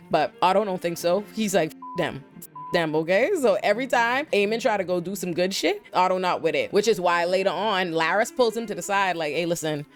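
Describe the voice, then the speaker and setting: Young woman, fairly low voice, emphatic, slangy storytelling, light music behind. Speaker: TV recap host. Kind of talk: casual TV episode breakdown.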